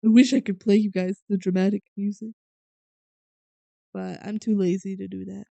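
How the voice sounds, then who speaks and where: A woman's voice: medium pitch, flat delivery, moderate pace, creaky, no room sound. A woman co-hosting a podcast, casually recapping a movie scene by scene, with fillers and a habit of trailing off. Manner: retells scenes with filler words, often trails off quietly. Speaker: podcast co-host.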